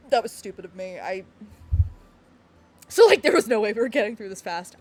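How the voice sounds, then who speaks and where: A woman's voice: fairly high pitch, sing-song, fast talker, long pauses, darkish tone. A woman streamer chatting casually on a live stream, bubbly and giggly, rambling with lots of fillers. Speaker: game streamer.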